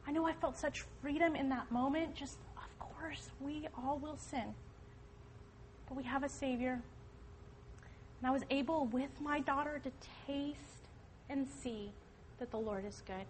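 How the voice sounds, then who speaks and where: A woman's voice: high-pitched, a little hiss or hum, low-quality recording. A middle-aged woman telling a personal story of faith to a church audience, earnest and emphatic. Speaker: speaker at a church women's event. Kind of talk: testimony talk to an audience.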